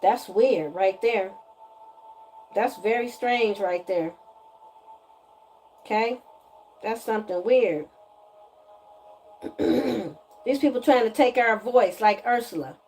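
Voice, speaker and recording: A woman giving a casual spiritual energy reading to viewers, animated and emphatic, often repeating her lines and slipping into slang. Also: mid-range voice, slow pace, pauses often, soft background music. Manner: animated, breaks into singing, emphatic and preachy.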